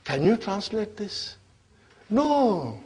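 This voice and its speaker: A man teaching an Arabic grammar class, speaking slowly and deliberately and often checking that his listeners follow. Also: a little high, lively intonation, a little mellow. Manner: slow, deliberate, constantly checks on listeners with questions.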